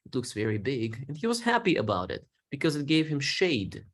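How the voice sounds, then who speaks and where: A man teaching a Bible story lesson, explaining words simply and slowing down for learners. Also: mid-range voice, wildly swooping pitch. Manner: acts out quoted lines with feeling.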